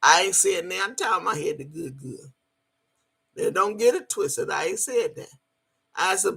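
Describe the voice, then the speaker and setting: A woman's voice: fairly low pitch, expressive, moderate pace, creaky, a bit bright, breathy edge. A woman hosting a livestream, talking brashly and profanely, boasting and laughing often as she greets her chat. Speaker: livestream host.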